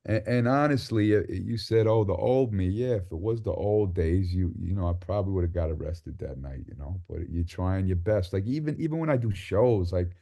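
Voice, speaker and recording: A middle-aged man, a rapper as interview guest, telling stories in a rambling, animated way and acting out people he quotes. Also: sits low, moderate pace, hardly any pauses. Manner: animated, acts out quotes with sudden loud outbursts; rambling, many restarts and fillers, swears freely. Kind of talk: casual interview storytelling.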